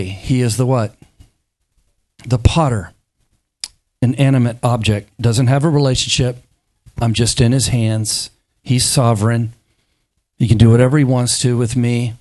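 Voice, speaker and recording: A middle-aged man preaching a sermon, animated and playful, acting out the dialogue of biblical scenes in quick voices. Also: medium pitch.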